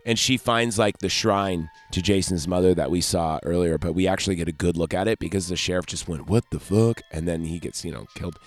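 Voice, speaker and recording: A man's voice: low-pitched, steady tone, a little fast, few pauses. A man hosting a podcast, recapping a horror movie in a rambling, joking way with lots of fillers. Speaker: podcast host.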